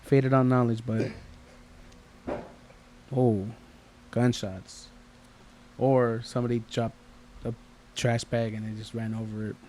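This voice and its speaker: A man's voice: mid-range voice, level tone, slow, pauses often, a little mellow, slight background noise. Rambling man telling stories. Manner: rambling storyteller, acts out quoted voices. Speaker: podcast co-host. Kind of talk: casual chat.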